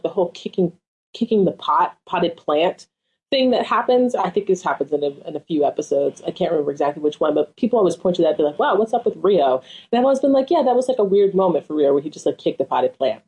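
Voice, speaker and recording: A woman's voice: on the low side, a little mellow, poor audio. A young adult woman co-hosting a podcast, chatting casually and animatedly with opinionated asides and frequent fillers. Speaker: podcast co-host. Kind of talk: casual chat.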